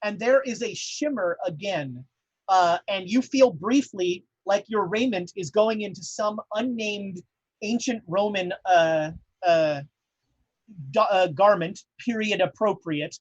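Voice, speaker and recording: A man's voice: high voice, slow pace, no room sound, lo-fi sound. A man narrating a tabletop horror game as game master, rambling with many fillers.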